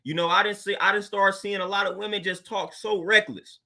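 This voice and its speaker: Male host, casual talk, high pitch, bright, laid-back slang delivery. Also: steady tone, fairly quick. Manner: laid-back, conversational, laughs often, street slang. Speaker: podcast host. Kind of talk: casual monologue commentary.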